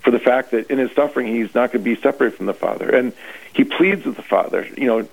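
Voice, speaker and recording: Priest preaching over a tinny line. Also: male voice, mid-range voice, quick pace, vocal fry. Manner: earnest, repeats and restarts phrases. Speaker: priest, retreat leader. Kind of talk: radio talk, preaching. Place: radio broadcast. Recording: tinny phone-like radio line.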